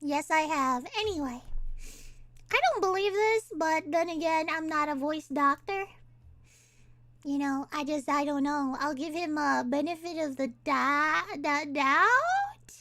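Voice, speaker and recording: A woman's voice: high voice, expressive, a little slow, sharp tone, dry recording. A woman streamer in casual live-stream chat, rambling and giggling, often restarting her sentences.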